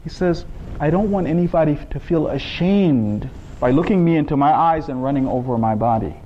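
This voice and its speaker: A man preaching a sermon to a congregation, emphatic, reciting scripture in Arabic and climbing to high exclaiming peaks. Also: moderate pace, lo-fi sound, a little hiss or hum. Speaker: speaker at a religious gathering.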